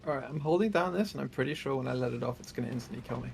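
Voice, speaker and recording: Fast, gravelly man on noisy chat. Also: mid-range voice, a little mellow. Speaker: co-player. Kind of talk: casual gaming chat.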